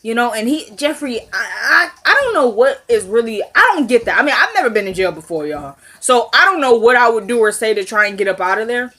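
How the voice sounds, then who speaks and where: Woman vlogger, slightly high voice, casual and talkative, recaps episodes straight to camera. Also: big pitch swings, fairly quick, few pauses, sharp tone. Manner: chatty, addresses viewers directly, acts out dialogue.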